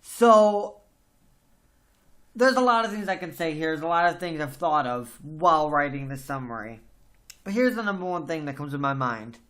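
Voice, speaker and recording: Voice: mid-range voice, lively intonation, moderate pace, a bit bright. Emphatic, opinionated podcast host. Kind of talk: casual book discussion.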